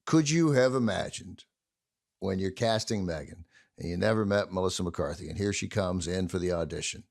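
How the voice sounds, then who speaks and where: A man's voice: low voice, normal speed, gravelly, a little mellow. A man hosting a podcast interview, asking long, rambling questions in conversation. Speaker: podcast host.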